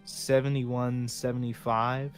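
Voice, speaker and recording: A man's voice: medium pitch, flat delivery, takes it slowly, faint music behind. A man co-hosting a podcast in easygoing casual chat, steering the conversation. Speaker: podcast co-host.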